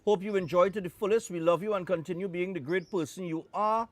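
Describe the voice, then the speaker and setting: A man's voice: sits high, fairly quick, dry recording. Chatty Trinidadian man hosting a morning show. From Trinidad and Tobago. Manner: chatty, joking, loose Caribbean phrasing. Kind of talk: casual on-air chat.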